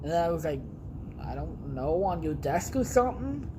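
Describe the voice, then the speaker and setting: Speaking at a moderate pace in a sing-song voice on the high side, this young podcast host tells rambling, casual stories from his home basement, swearing bluntly and heavily. There's noise in the background.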